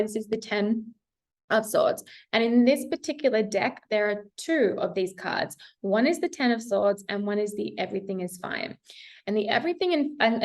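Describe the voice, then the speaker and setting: A fairly high-voiced young woman reads tarot cards in a loose, chatty way. She talks with plenty of fillers and small laughs, and she urges her listeners on warmly. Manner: chatty, encouraging, laughs often, many fillers. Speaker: tarot reader. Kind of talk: casual weekly tarot reading to camera.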